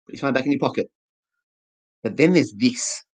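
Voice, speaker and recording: A man's voice: medium pitch, moderate pace, darkish tone, breathy edge, poor audio. A man doing a stand-up comedy set to camera, chatty and playful, acting out little scenes.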